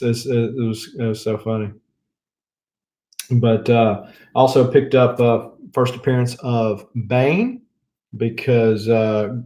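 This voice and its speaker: A man's voice: mid-range voice, warm tone. A man with a Southern US accent, chatting casually in a rambling way while he shows off a haul of comic books. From Mississippi. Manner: rambling, chuckling, drawn-out fillers. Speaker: comic book channel host.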